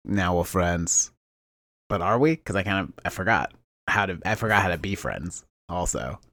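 A man's voice: deep voice, lively intonation, normal speed, sharp tone, dry recording. A man co-hosting a podcast, improvising a comedy bit as a time traveler, talking in a playful put-on accent. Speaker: podcast co-host.

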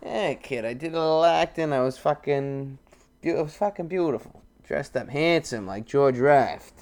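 A man's voice: on the high side, normal speed, darkish tone. Brash profane man. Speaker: podcast co-host. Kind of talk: crude casual podcast banter.

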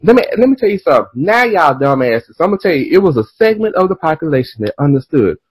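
A man hosting a podcast in casual chat, animated and profane, drifting into tangents and laughing as he talks. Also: fairly high pitch, quick pace, husky, low-quality recording. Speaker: podcast host.

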